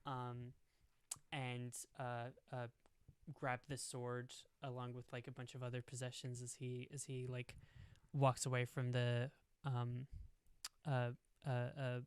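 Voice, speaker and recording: A man's voice: mid-range voice, completely flat delivery, takes it slowly, a little mellow, clean tone, no room sound. A young man narrating a tabletop game as game master, rambling with lots of fillers. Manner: rambling, full of "like" and "um".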